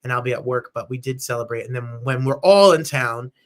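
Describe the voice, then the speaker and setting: A man in his thirties from New Jersey hosting a lively live-stream chat show, gushing and bubbly, sometimes jumping into falsetto squeals and bits of song. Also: brisk. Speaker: host.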